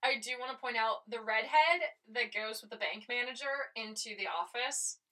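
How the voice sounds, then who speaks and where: A woman's voice: a little high, moderate pace. A young woman co-hosting a podcast, chatting casually with lots of laughter and quoted reactions. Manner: giggly, animated retelling with quoted reactions. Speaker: podcast co-host. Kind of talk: casual chat.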